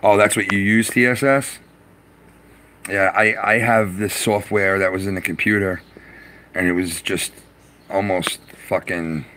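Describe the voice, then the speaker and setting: A man chatting loosely with viewers on a live stream from his garage, excitable and profane, laughing often and stumbling over words. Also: sits low, measured pace, slight background noise. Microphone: phone.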